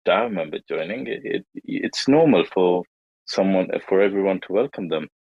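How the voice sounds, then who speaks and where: Deep-voiced man, calm and reasoning. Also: moderate pace, gravelly, dry recording, highs cut off. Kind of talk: casual online audio chat.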